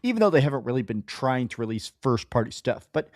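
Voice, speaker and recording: A man explains gaming business news with a lively, up-and-down voice. The recording is dry and close. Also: mid-range voice, quick pace, no echo. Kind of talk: casual gaming industry talk.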